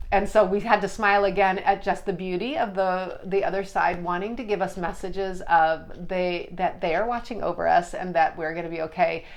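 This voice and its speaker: A woman hosting her own show, telling personal stories in an earnest, chatty way, acting out the dialogue as she goes. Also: fairly low pitch. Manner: chatty, earnest, lively retelling with restarts and quoted dialogue. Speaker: podcast host and Reiki practitioner. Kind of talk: casual storytelling monologue.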